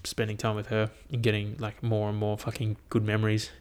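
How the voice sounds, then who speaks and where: A young man talks casually into a headphone mic about the highlights of his year. He rambles, swears freely and laughs at his own anecdotes in an unpolished way. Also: monotone, brisk. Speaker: vlogger. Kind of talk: casual solo year-review chat.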